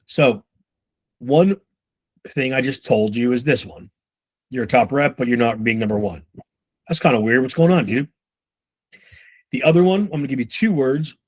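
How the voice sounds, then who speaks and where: A man giving casual sales-management coaching, talking loosely and with profanity while acting out quick snippets of conversation. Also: mid-range voice, darkish tone, husky. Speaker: sales trainer.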